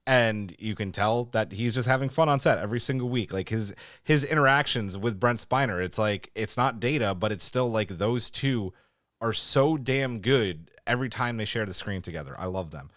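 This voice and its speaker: A man co-hosting a podcast, reviewing a TV episode in casual chat, animated and swearing freely as he rants. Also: on the low side, moderate pace, dry recording, clean studio sound. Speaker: podcast co-host.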